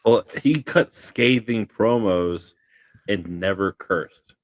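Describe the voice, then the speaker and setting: Chill guy on a podcast, kinda low voice, throws in quips, dry sound. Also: slow pace, dry recording. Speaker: podcast co-host. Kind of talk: casual podcast banter.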